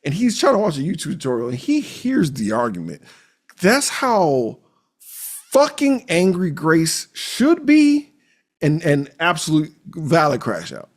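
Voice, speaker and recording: A man chats through a film recap on a podcast, his husky voice sitting a little high and bouncing all over the place. He slips into loud, exaggerated quotes of the characters as he goes, casual and full of swearing. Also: a little slow. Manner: animated, profane, acts out characters' lines with big pitch jumps. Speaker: podcast co-host. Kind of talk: casual movie recap chat.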